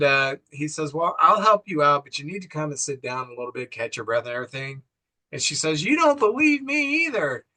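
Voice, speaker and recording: A man's voice: a little high, pushed and bright. A middle-aged man co-hosting a casual movie recap, acting out the film's dialogue in quoted voices and laughing at his own jokes. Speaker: co-host, father.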